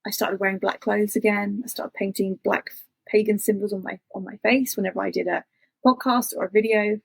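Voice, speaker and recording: A woman's voice: medium pitch, steady tone, brisk, gravelly, breathy edge, dry recording. A woman, an interview guest telling a personal story in an intense, confessional way with many fillers.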